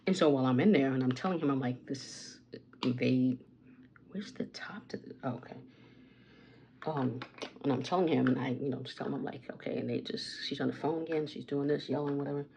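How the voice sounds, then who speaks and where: A woman's voice: rumbling low, rapid-fire, gravelly, few pauses, a little mellow, slight background noise. A woman vlogging at home, chatting through a rambling story with asides about her makeup. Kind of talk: casual get-ready-with-me storytime.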